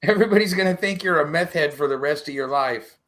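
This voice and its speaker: A man co-hosting a comedy podcast, throwing in teasing, deadpan quips during casual banter. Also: a little high, quick pace.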